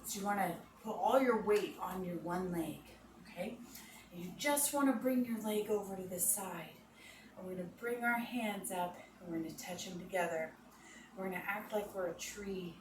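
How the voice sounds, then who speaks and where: A woman leading children through guided relaxation and yoga moves, giving slow, soothing instructions and making playful animal noises. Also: mid-range voice. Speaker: kids' yoga teacher. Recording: echoey room, voice from a distance, noisy background.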